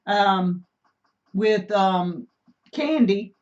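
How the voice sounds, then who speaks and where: A woman's voice: mid-range voice, animated, very slow, a little mellow. Chatty woman, lo-fi stream. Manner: chatty, reads viewer comments aloud. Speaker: homesteading channel co-host. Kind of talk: casual live-stream chat. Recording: dull lo-fi stream audio.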